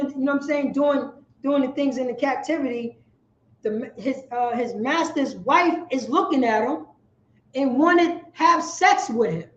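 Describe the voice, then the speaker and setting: A man teaching a Bible class, forceful and preachy, repeating his points for emphasis. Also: extremely high pitch. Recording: echoey room, dull lo-fi sound.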